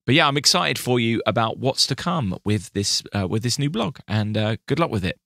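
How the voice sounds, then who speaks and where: A man's voice: mid-range voice, expressive, brisk, vocal fry, a bit bright, dry recording, clean studio sound. A British man co-hosting a podcast, chatting casually with frequent restarts. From Britain. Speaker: podcast co-host. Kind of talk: casual chat.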